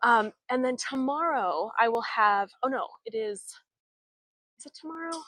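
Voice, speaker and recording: Her voice sits a little high, bright and forceful, with lively intonation and a moderate pace, and the recording is dry. Out in an old town, she leads a live-streamed walking tour, chatting casually with viewers' comments as she holds her camera. That handheld camera or phone turns with her as she walks.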